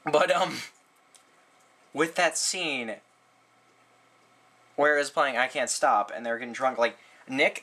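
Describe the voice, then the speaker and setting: Taking it slowly and pausing often, a man rambles through a casual movie review, throwing in sarcastic asides and lots of "um" and "like." He sounds animated, with frequent jumps in pitch.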